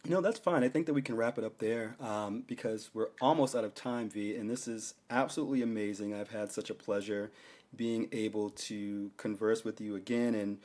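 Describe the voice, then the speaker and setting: A man hosting a casual podcast interview, warmly affirming his guest and asking long, winding questions. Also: lowish voice, fairly even intonation, moderate pace. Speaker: podcast host.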